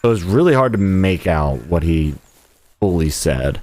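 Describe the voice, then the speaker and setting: A man's voice: deep voice, sing-song, moderate pace, darkish tone. A man streaming a video game live, rambling and joking as he talks to himself and his viewers. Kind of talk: casual live gameplay commentary.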